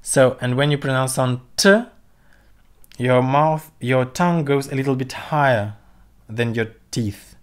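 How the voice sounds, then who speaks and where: A man teaching a livestreamed vocabulary lesson, slowly modelling pronunciation and repeating sounds for his students. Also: mid-range voice, smooth. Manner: slow, careful, demonstrates pronunciation by repeating sounds. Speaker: language teacher. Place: home room, streaming. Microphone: computer mic on a livestream.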